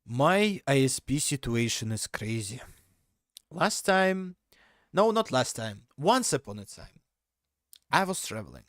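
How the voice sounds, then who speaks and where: A man's voice: medium pitch, very animated, measured pace, long pauses, dry recording, studio quality. A man telling a story casually on a live stream, rambling and correcting himself as he goes, often laughing at himself.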